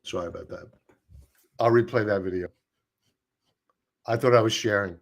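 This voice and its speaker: A man's voice: fairly low pitch, moderate pace, vocal fry. A man hosting a live stock-chart stream, talking in a chatty, sarcastic way with many asides. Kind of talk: casual live-stream commentary.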